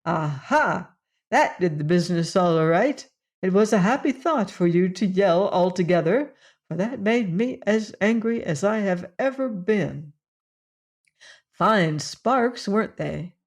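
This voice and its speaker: A woman's voice: mid-range voice, lively intonation, slow pace, darkish tone. A woman voicing a boastful but harmless male beast in an audiobook, proud and easily offended. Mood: gleeful. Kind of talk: audiobook character voice.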